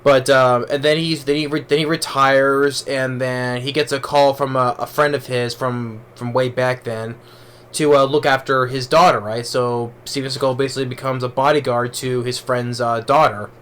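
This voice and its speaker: A man's voice: medium pitch, little pitch movement, moderate pace, fairly bright tone, clean tone. A man giving a casual spoken movie review, rambling along with many restarts and fillers.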